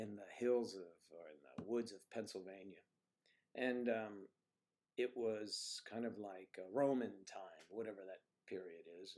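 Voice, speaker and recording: An older man with a Southern US accent hosting a casual livestream, chatting with viewers in a rambling way and often clearing his throat. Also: fairly low pitch. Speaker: livestream host. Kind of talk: casual livestream chat reading viewer comments.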